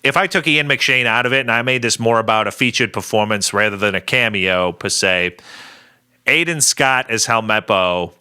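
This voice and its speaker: A man's voice: fairly low pitch, normal speed, sharp tone, clear, resonant tone. A young adult man co-hosting a casual podcast, steering the segments in an organized way and laughing easily. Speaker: podcast co-host.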